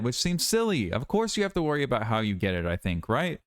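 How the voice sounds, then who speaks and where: A man's voice: mid-range voice, very animated, a little fast, few pauses. A tired young man rambling in a casual vlog monologue, self-critical and repeating himself. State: tired, worn out. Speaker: YouTuber.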